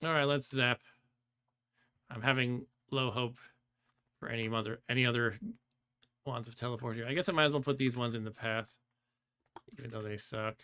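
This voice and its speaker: During a live stream, a man chats about the computer game he's playing, reading chat messages aloud, thinking out loud, trailing off and laughing a lot. He speaks in a smooth, sharp, mid-range voice with a steady tone at a moderate pace, pausing often.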